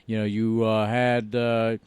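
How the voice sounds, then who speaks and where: A male radio host leads a relaxed interview, joking and teasing his guest along. His voice comes through smooth and resonant, recorded dry and close with no room sound. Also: lowish voice, slow, dry recording.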